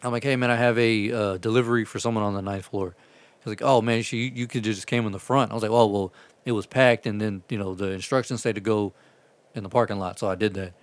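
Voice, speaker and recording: Guy, low voice, dry close sound, swearing storyteller. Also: quick pace, no room sound. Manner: profane, rambling, animated retelling. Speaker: delivery driver telling stories. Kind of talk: casual storytelling chat.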